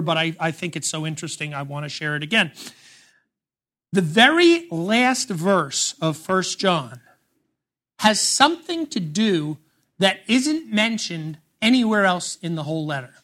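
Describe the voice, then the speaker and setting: A pastor giving a sermon in a church service. He speaks with emphasis, slows down to read scripture aloud, and adds conversational asides to the congregation. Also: high voice, big pitch swings, a bit bright.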